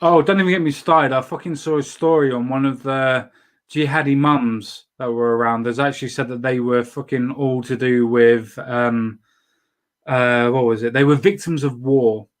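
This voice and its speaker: A man's voice: medium pitch, steady tone, normal speed. A man hosting a casual chat show, swearing freely and often restarting his sentences. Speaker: show host.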